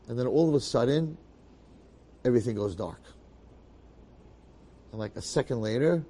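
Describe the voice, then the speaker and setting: Animated male storyteller. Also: medium pitch, breathy edge. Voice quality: bearded, uses Yiddish and Hebrew terms. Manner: lively, repetitive phrasing, dramatic asides.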